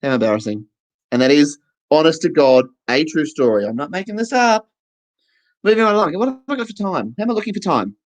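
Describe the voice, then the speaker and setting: Animated Australian comic storyteller. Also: medium pitch, brisk, poor audio. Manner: animated, self-mocking, acts out voices. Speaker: stand-up performer, voicing a deaf comedian's set. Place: online festival stage.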